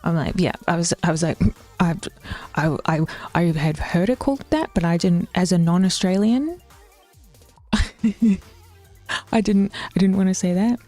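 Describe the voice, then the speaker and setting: A woman's voice: on the low side, normal speed, long pauses, mellow, soft background music. Chatty, swearing New woman streamer. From New Zealand. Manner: chatty, swears often, drops into whispers, laughs a lot. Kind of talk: casual live-stream chat.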